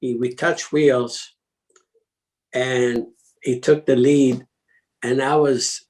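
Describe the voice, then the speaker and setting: A man's voice: medium pitch, steady tone, takes it slowly, darkish tone, poor audio. A man, a guest telling rambling anecdotes with chuckles and many restarts. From Italy. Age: 80s. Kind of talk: casual anecdotal storytelling.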